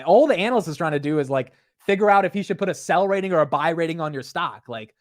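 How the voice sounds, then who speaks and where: A young man giving casual, blunt market commentary in an animated way, with frequent fillers and restarts. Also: fairly high pitch, fast, hardly any pauses. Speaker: investing commentator.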